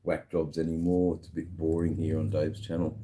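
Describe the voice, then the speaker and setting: A man's voice: rumbling low, monotone, a little fast, mellow. A drunk man hosting a casual live stream from a bar, rambling and slurring with lots of fillers. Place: sitting at a bar.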